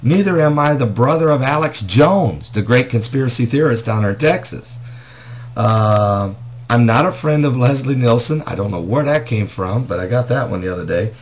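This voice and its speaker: A man's voice: mid-range voice, lively intonation, normal speed. Man preaching current events, rhetorical jabs. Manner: emphatic, with pointed rhetorical questions. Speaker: pastor and prophecy commentator. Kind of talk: casual news commentary vlog. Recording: dull lo-fi audio with faint noise.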